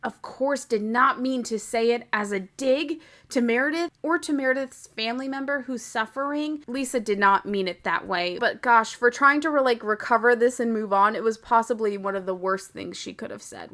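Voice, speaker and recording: A woman's voice: a little high, lively intonation, normal speed, hardly any pauses, sharp tone. Chatty young woman hosting a podcast. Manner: chatty, opinionated, laughs often. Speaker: podcast host. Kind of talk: casual reality-TV recap. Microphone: podcast microphone.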